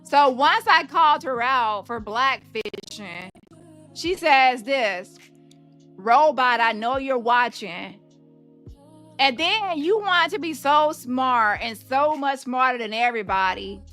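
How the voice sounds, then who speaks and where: Loud sassy woman ranting on her commentary stream, bright sharp voice, music faint underneath. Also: high voice, a little slow. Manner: animated and brash, swears freely, mocks voices. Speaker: commentary show host. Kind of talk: casual commentary, reacting to online posts.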